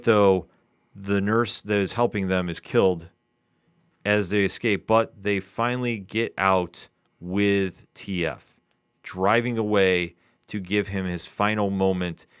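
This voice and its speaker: A man co-hosting a comic book review podcast, calmly recapping the story. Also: fairly low pitch, smooth, dry recording. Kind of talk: casual review chat.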